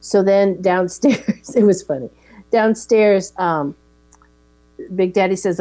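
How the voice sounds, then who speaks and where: Mellow-voiced woman recapping a film. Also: medium pitch, takes it slowly, pauses often. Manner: steady recap with fillers, quoting lines plainly. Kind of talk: casual chat retelling a film.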